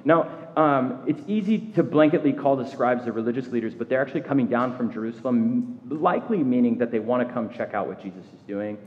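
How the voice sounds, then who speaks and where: A man's voice: mid-range voice, animated, brisk, few pauses. A man preaching a sermon to his congregation in a conversational way, asking the listeners questions and pressing his points with strong emphasis. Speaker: pastor. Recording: dull sound in a reverberant hall.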